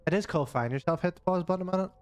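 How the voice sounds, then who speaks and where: A man's voice: sits high, racing, clean tone. A man co-hosting a gaming video, trading crude jokes and laughing often as they play. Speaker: gaming channel co-host. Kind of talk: casual let's-play banter.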